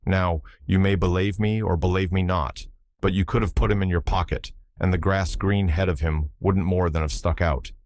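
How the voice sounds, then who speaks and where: Man voicing old Irish seaman, superstitious and innocent; deep, lilting yarn-teller for an audiobook. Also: moderate pace, natural voice. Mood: storytelling. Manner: yarn-spinning, lilting, animated.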